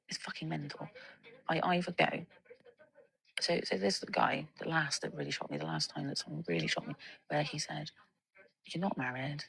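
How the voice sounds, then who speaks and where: Gravelly woman, blunt storyteller. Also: low voice, a bit bright, poor audio. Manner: rambling, blunt, swears freely. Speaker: vlogger. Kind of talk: candid storytime monologue.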